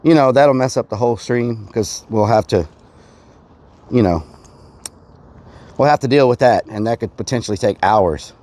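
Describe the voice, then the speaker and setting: A man of medium pitch chats casually on a live stream outdoors by a river, playful and jokey, repeating his own phrases. A faint noise runs under his voice. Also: moderate pace, long pauses, darkish tone.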